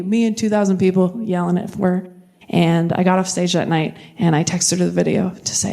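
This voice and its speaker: A young woman doing a stand-up set at a live venue, chatting with the crowd in a lively, self-mocking way with quick tangents. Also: lowish voice, vocal fry. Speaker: stand-up comedian. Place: live comedy venue before a large audience.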